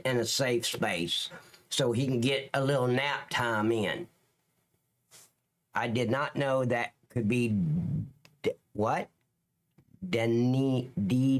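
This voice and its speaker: Speaking in a medium-pitched, fairly bright voice, a man with a Southern accent from lower Alabama hosts a livestream. His style is joking and rambling, and he calls out chat viewers by name.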